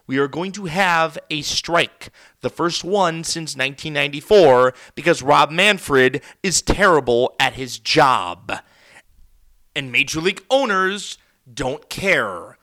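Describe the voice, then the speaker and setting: A man's voice: on the high side, very animated, takes it slowly, sharp tone. A man hosting a solo sports podcast from a studio, ranting heatedly and sarcastically. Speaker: podcast host. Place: recording studio.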